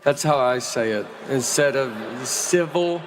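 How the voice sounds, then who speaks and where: A man's voice: medium pitch, measured pace. A man doing stand-up comedy with a rambling, self-deprecating delivery. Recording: noisy live recording with crowd.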